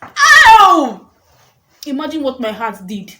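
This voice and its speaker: A young woman tells her story with high, animated energy and laughs often. Her voice bounces around an echoey room over a faint hiss. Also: brisk. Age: young adult. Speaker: vlogger. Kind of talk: storytime vlog.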